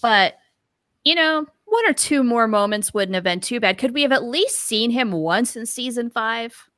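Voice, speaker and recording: A woman's voice: fairly high pitch, expressive, normal speed, bright, forceful tone, no echo, clean studio sound. A woman co-hosting a podcast, chatting casually and laughing often into a mic with a pop filter. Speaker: podcast co-host. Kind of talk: casual chat.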